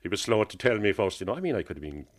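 A man with a Cork accent, telling an author's story in a casual interview, halting and chatty with many fillers. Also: fairly low pitch, sing-song. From Ireland, Cork.

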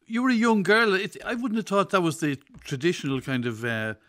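A man's voice: high voice, very animated, brisk, a bit bright. A man hosting a radio interview, asking brief prompting questions. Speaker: radio host.

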